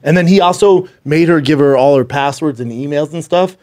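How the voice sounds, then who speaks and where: A man co-hosting a podcast in casual chat, animated as he quotes people in put-on voices. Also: on the high side, a little fast. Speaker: podcast co-host.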